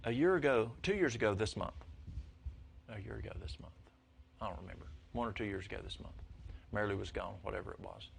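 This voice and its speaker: An older man telling folksy stories to a church congregation, his voice jumping high when excited. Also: fast talker, gravelly, pauses often, a little hiss or hum. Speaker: lay speaker at church. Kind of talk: storytelling talk to a congregation.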